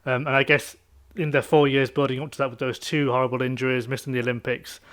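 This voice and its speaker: Quick-talking male podcast host. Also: medium pitch, little pitch movement, fairly bright tone. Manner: friendly, summarizing questions. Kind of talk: casual podcast interview.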